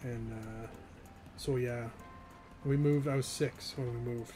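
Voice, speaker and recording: A man's voice: medium pitch, steady tone, slow pace, mellow, faint music behind. Chatty young man streaming a game. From northeastern US. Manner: rambling, chatty, laughs often. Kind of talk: casual gaming stream chat.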